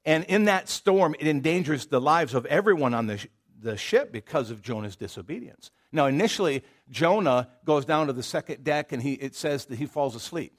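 A male pastor with a Southern American accent preaches a casual sermon built around storytelling, packed with asides, fillers, and rhetorical questions. His voice is fairly high, animated, and a little fast.

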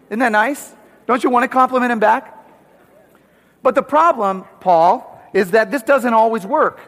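Man, pastor preaching a sermon, high voice, emphatic rhetorical questions, long reverb. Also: a bit bright.

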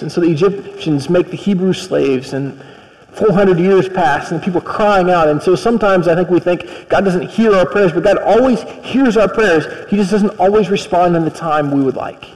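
A pastor preaching in a relaxed, storytelling way and voicing the characters. His voice sits high and rings out with a long reverb in a large hall. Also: moderate pace. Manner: conversational storytelling, acts out characters. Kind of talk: sermon.

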